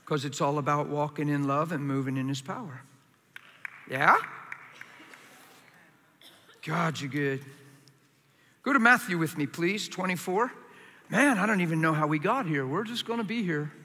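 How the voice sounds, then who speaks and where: A man preaching a sermon to a crowd in a large hall, passionate, acting out complaining voices in a higher tone. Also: normal speed, long pauses, bright, forceful tone, a little hiss or hum.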